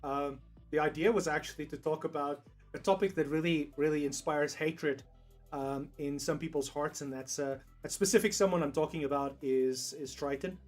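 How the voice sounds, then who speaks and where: A young South African man talks loosely to his stream chat in a slightly high voice, drifting from thought to thought, laughing a lot and cursing without a second thought. Soft guitar music plays faintly behind him. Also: steady tone, moderate pace. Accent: South African English. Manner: rambling, laughs often, swears casually. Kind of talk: casual livestream chat.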